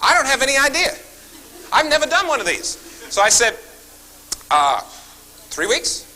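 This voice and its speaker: At normal speed, a man with an extremely high-pitched voice tells stories at a seminar, though the audio is poor. He's animated, acts out his phone calls, and often turns to talk with the audience.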